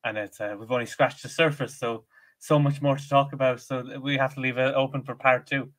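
Bright-voiced laughing male podcast host. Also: medium pitch, fairly quick. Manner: laughs often, animated, acts out quoted lines. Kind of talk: casual chat.

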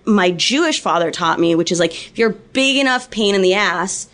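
A woman's voice: medium pitch, moderate pace. Woman telling a profane story. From Los Angeles. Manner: profane, animated anecdote telling. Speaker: podcast guest. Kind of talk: casual storytelling.

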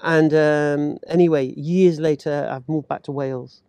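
A man telling a personal story in casual chat, animated and acting out the voices of others. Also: a little high, a little slow, clean tone, dry recording. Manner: animated, acts out quoted voices, laughs while talking.

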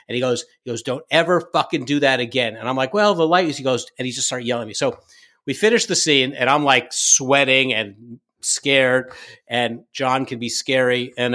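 A man telling stories from his directing days in a casual interview, lively, full of fillers and restarts. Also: mid-range voice. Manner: animated anecdote-telling, acts out quoted lines; frequent fillers and self-restarts.

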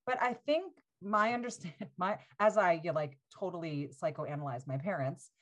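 A woman in her forties, a podcast guest, telling stories in casual talk, animated and laughing often, with many "like" fillers. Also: lowish voice, moderate pace. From United States.

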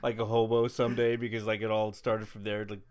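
A man's voice: lowish voice, level tone, fast, heavy background noise. A man hosting a podcast in casual chat, laid-back and tossing in joking asides. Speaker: podcast host.

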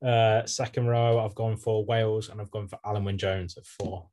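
Low-voiced young man, dry podcast banter. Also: level tone, mellow. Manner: dry, brisk, moves things on. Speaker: podcast co-host. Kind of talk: casual chat.

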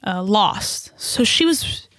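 A woman co-hosting a podcast, telling a story in an animated, indignant way and swearing freely. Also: medium pitch, slow pace, dry recording, studio quality. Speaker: podcast co-host. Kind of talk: casual storytelling chat.

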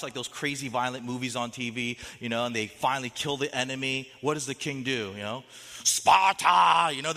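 A male pastor preaching a sermon, asking many rhetorical questions and swinging from loud outbursts to hushed lines. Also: mid-range voice, in a large hall.

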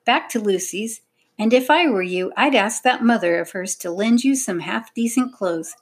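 A woman's voice: fairly high pitch, normal speed, breathy edge. A woman voicing a prim, disdainful wealthy lady in an audiobook. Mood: snappish. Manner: prim, disdainful, upper-class. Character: haughty wealthy Victorian lady, cold and snappish.

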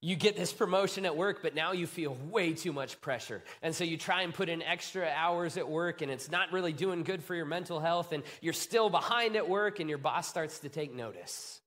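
A man preaching a sermon, swinging from hushed, low moments to excited outbursts. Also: moderate pace, few pauses. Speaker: pastor.

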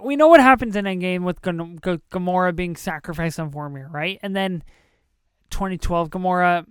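A podcast host reacting emotionally while watching a movie for a commentary episode, excitable and dropping to whispers at moving moments. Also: mid-range voice, smooth, no echo, clean studio sound.

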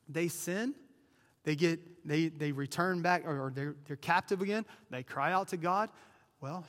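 A man preaching in a relaxed, conversational way, tossing in "right?" and doubling back on his words. His voice sits a little high for a man, and a long reverb trails after him from the hall. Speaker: pastor. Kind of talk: sermon.

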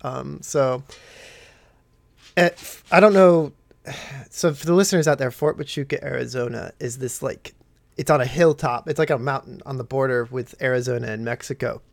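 A man's voice: mid-range voice, moderate pace, creaky, dry recording. A man in his twenties, a podcast host, telling crude stories in casual chat and acting out the quotes.

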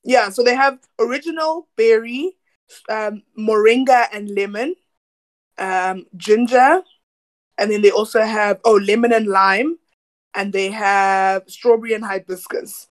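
Unhurried and medium-pitched, a woman from South Africa chats casually as a podcast co-host. She laughs often and tosses in slang.

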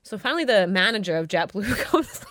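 A woman's voice: mid-range voice, big pitch swings, a bit bright, dry recording. A woman casually telling a story, laughing and acting out the people in it. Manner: quick, laughing, acts out the people in her story.

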